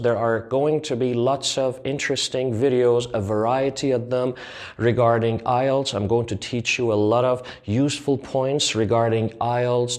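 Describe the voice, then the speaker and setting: Man teaching a grammar lesson, slow and deliberate. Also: medium pitch, a little mellow. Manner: slow, deliberate explanations with spoken example sentences. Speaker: English teacher.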